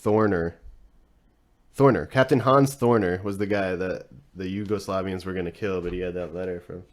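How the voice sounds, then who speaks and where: A man's voice: low voice, fairly even intonation, fairly quick. A man hosting a podcast, retelling a story casually in a rambling, profane way, with many fillers and frequent chuckles. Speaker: podcast host.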